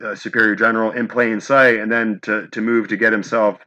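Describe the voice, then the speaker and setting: Low, bright-toned male interviewer. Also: level tone. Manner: halting, searching for words. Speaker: host. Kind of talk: interview questions. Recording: dull lo-fi audio.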